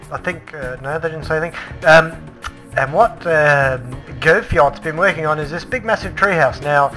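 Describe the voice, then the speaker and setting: A man casually commentating a tour of a Minecraft build, chatty and excitable, with frequent ums and restarts. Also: fairly high pitch. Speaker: Minecraft let's play host.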